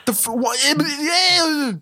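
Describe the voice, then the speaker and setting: A man's voice: very high-pitched, slow, pushed and bright, no echo, studio quality. A man co-hosting a podcast, riffing on a movie in a profane, jokey way and acting out its lines. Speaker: podcast co-host. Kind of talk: casual movie-review chat.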